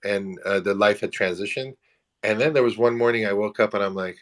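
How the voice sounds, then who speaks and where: A man with a low voice in his forties tells stories in a casual online audio chat. He is animated and self-mocking, and laughs often. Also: fairly quick.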